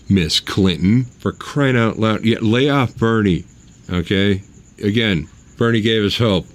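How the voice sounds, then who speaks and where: This podcast host has a fairly low voice and keeps a measured pace. Alone on the mic, he gives his opinions in a blunt way that is sarcastic and mocking.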